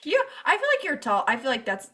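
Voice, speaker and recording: Giggly woman cohost, bright voice that swings all over, chatty podcast banter. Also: sits high, fast, husky. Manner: giggly, animated, jokey. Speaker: podcast co-host. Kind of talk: casual chat.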